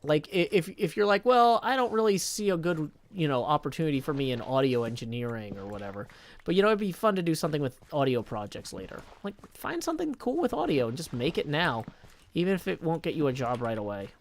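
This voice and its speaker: A man chatting casually on a live stream, reading viewer messages aloud and thinking out loud as he goes. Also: on the high side, very animated, fast.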